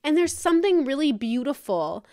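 A woman's voice: sits high, sing-song, moderate pace, a little mellow, no echo, studio quality. A woman hosting her own podcast, talking frankly and casually in a solo monologue, with some swearing. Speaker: podcast host.

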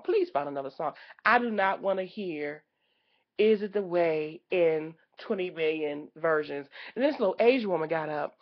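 A woman giving a sassy, loudly exasperated comedic rant as a vlogger. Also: fairly low pitch, lo-fi sound. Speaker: vlogger reviewing a karaoke night.

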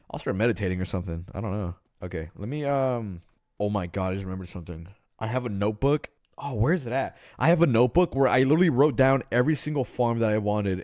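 Young man, game streamer, excitable, lively swooping voice, dry sound. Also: mid-range voice, no room sound. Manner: excitable, swears a lot, shouts suddenly. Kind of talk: casual gaming livestream.

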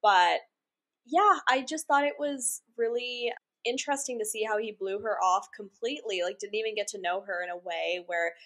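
A woman's voice: mid-range voice, normal speed, fairly bright tone. A young woman co-hosting a podcast in casual chat, talking in a chatty way with lots of fillers. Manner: chatty, frequent "like", laughs easily. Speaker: podcast co-host.

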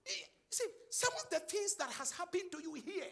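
A man preaching a sermon in call-and-response style, shouting and chanting phrases to the congregation. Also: extremely high pitch, big pitch swings, moderate pace, vocal fry.

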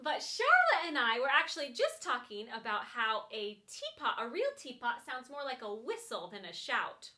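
Woman, music teacher, preschool lesson, high bright voice, very lively sing-song. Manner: gentle, slow and sing-song, addressing toddlers.

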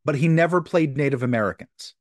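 A man's voice: on the high side, fairly quick, no echo, studio quality. A man co-hosting a podcast in casual chat, rambling, with stammered restarts. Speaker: podcast co-host. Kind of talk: casual chat about an old TV show.

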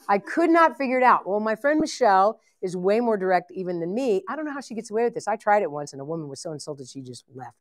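A woman's voice: medium pitch, very animated, quick pace. A woman leading a live ministry training session, blunt and joking as she teaches. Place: church event hall.

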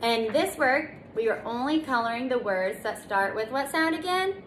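A woman teaching a children's circle time lesson in a gentle, sing-song way, stretching out letter sounds for little ones to repeat. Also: a little high, expressive, moderate pace. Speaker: preschool teacher. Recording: echoey room, faint noise.

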